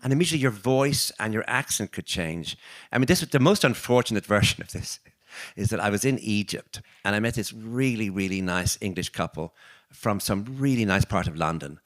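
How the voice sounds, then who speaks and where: An older man with an Irish accent speaks in a fairly low voice at a live book event. He tells reflective stories, often restarting his sentences and slipping into animated quoted voices. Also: a little fast. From Ireland. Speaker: author, interview guest. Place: arts venue, live audience.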